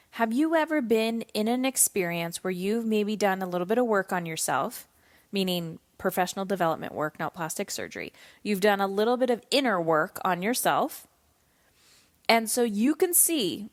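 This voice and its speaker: A woman in her thirties delivers a solo motivational podcast with blunt, profane candor. She acts out the voices of the people she quotes. Her voice sits a little high. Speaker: podcast host and coach for mothers.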